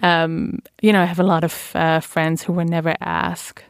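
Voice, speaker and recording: Mulher com sotaque alemão, voz rouca e grave. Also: female voice, fairly low pitch, flat delivery, normal speed, creaky, smooth, dry recording, studio quality. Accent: German. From Germany. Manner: chatty storytelling with fillers and laughs. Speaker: guest. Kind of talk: casual interview chat.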